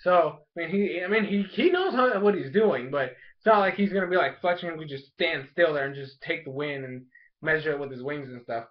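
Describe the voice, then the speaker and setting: A young man with a fairly high voice talks through an episode recap in a loose, rambling way, slipping into the characters' lines as he goes. The recording sounds dull and lo-fi. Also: animated, brisk. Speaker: anime episode reviewer. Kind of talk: casual spoken review.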